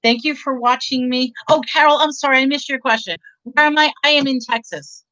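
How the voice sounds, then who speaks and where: A woman's voice: high-pitched, brisk, sharp tone, no echo, muffled recording. A woman from New York with a New York, Long Island accent, chatting casually and upbeat to viewers on a live stream, rambling and laughing often. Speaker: online reseller hosting a live stream. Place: home in Texas.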